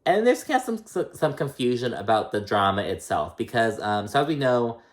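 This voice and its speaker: This man's casual reality-show recap is profane and full of filler words like "like" and "um," and he slips into shifting voices to act out the people he quotes. He speaks at a normal pace with a medium pitch and a sing-song lilt.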